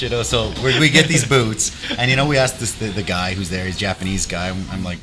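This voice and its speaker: A man's voice: fairly low pitch, fast talker, hardly any pauses, over music. A man hosting a casual chat, a Canadian telling stories and acting out quotes. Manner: animated storyteller, acts out quotes. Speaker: host.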